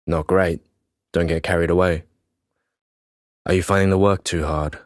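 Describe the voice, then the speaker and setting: Casting: a man playing a middle-aged teacher, deep voice, concerned and matey, no room sound. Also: steady tone, normal speed, no echo, clean studio sound, lightly acted. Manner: matey, probing questions. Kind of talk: audiobook reading.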